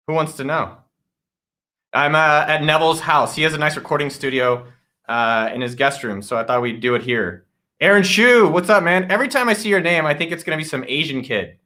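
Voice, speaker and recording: A man's voice: a little high, lively intonation, normal speed, pushed and bright. A man hosting a casual live office-hours stream, energetically greeting viewers by name and joking around. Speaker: livestream host. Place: home studio in a guest room.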